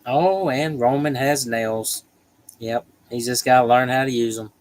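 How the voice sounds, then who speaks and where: A man's voice: medium pitch, unhurried, no echo, low-quality recording. A man hosting a casual livestream, reading viewer comments aloud in a chatty, joking way. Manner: chatty, joking, laughs often. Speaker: livestream host.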